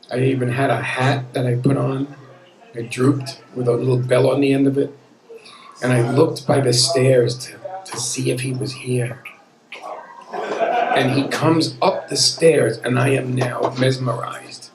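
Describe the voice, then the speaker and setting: A man's voice: medium pitch, gravelly. A man in his fifties telling a personal story live on stage, earnest and conversational with a wry edge. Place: pub room at a live storytelling event. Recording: echoey pub room with an audience. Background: audience murmur.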